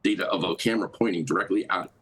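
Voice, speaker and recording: Low, raspy-voiced man, rapid run-on storyteller. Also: a bit bright, low-quality recording. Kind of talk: recounting an account in a played clip.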